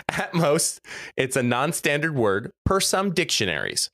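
A young man co-hosting a chatty podcast, his pitch swinging widely as he reads entries with mock gravity. The sound is close and dry, with no room echo. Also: takes it slowly. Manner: animated, laughs often, reads quotes with mock gravity. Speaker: podcast co-host. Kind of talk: casual chat, reading list entries aloud.

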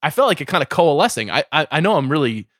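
A middle-aged man co-hosting a podcast in casual film chat, earnest and repeating words when he gets excited. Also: fairly high pitch, fast talker, no room sound, clean studio sound. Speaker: podcast co-host.

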